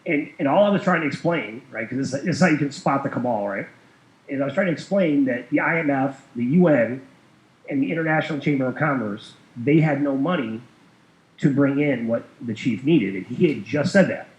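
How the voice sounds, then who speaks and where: A male guest with a mid-range voice tells a long, rambling story at a brisk pace, dropping many fillers and small chuckles along the way. The recording is roomy, dull, and lo-fi.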